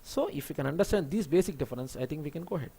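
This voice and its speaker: Teacher, male, native Telugu speaker, high voice, spells words out and explains patiently. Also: animated, very fast, gravelly, dark tone, slightly rough. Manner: many fillers and restarts. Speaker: English teacher. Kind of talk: spoken English lesson.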